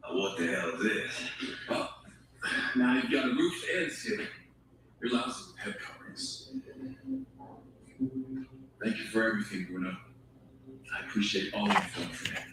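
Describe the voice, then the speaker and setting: Scripted TV drama dialogue spoken by a man comes from a television across a very echoey room. The voice sits low and sounds distant, with clear background noise throughout. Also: moderate pace, pauses often, natural voice.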